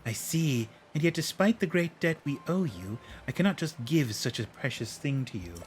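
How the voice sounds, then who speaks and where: A man voicing a young female chief who speaks in a formal, measured way. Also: on the high side, expressive, faint music behind, close to an everyday voice. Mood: regal.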